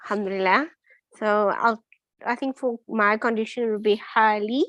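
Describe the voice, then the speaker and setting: A female student giving answers in class at an ordinary middle pitch. She speaks hesitantly, trying out each answer with some doubt in her voice. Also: fairly even intonation, moderate pace, fairly bright tone.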